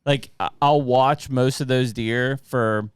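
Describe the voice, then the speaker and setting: A man hosting a hunting podcast, explaining his approach in a steady, casual way. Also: mid-range voice, slow pace, clear, resonant tone. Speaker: podcast host. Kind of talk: casual chat.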